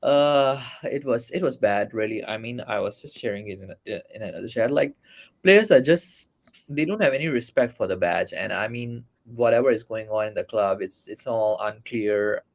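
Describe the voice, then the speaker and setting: A man's voice: medium pitch, normal speed. A man from Malaysia, a guest on a fan podcast, venting his frustration in a blunt, heated manner. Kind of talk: casual fan podcast chat.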